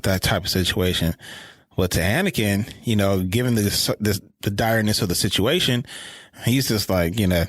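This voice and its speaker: Low-voiced man recapping with a laugh. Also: moderate pace, no room sound. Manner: animated, recaps scenes, laughs often. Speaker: podcast co-host. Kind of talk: casual chat.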